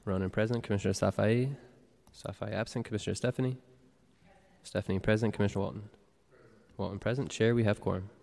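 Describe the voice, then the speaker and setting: A man serving as clerk, reading the roll and announcements briskly. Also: lowish voice, fairly even intonation, gravelly, a little mellow. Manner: brisk and procedural. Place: city hall chamber. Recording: long reverb of a hall.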